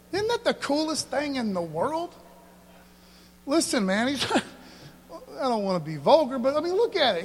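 A man preaching a casual, animated sermon, often dropping "man" into his sentences. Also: high-pitched, normal speed, big-room sound. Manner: casual and animated, says "man" a lot, preaches with bursts of energy.

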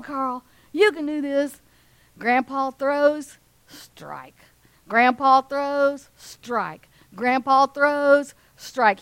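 A woman, preaching and telling a story with lively acted-out voices of a cheering crowd. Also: no echo. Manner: animated, acts out cheering crowds in a high voice. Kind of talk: sermon storytelling.

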